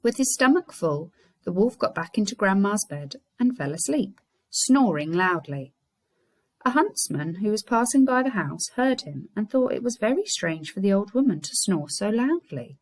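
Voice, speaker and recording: A woman primary school teacher with an English accent, reading a fairy tale aloud to her class in an expressive storyteller's manner. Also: mid-range voice, moderate pace, hardly any pauses.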